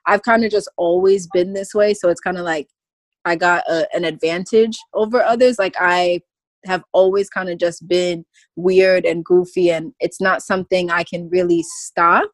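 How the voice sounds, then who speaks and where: Animated, goofy woman talking casually. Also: lowish voice, moderate pace, dry recording. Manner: emphatic and goofy, breaks into laughter. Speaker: podcast guest. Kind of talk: casual conversation.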